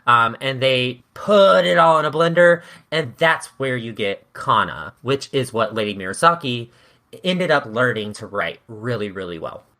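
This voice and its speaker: Bright-toned chatty woman podcaster. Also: very deep voice, lively intonation, normal speed. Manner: chatty, giggly, explains at length. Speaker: podcast co-host. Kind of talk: casual history chat.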